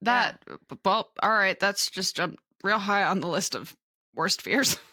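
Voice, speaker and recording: A woman co-hosting a book podcast in casual, animated chat, swearing and saying "like" often. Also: medium pitch, unhurried, no room sound, studio quality. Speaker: podcast co-host.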